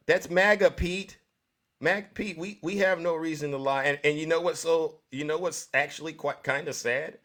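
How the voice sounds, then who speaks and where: A man's voice: on the high side, steady tone, normal speed, a bit bright. A man hosting a live stream, preaching to his audience in a repetitive, scolding way. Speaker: livestream host. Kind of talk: live-stream political commentary.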